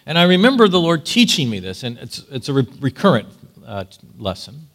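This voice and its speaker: Animated preacher with a lively voice. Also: male voice, medium pitch, brisk. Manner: animated storytelling, dramatic swings. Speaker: pastor. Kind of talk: sermon.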